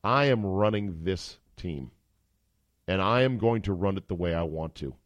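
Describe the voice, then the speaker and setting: A man's voice: mid-range voice, a little fast, no room sound, lightly acted. Brief: a man voicing a blunt, swearing head coach, commanding and fed up, dry close sound. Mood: angry. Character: gruff, angry male football head coach.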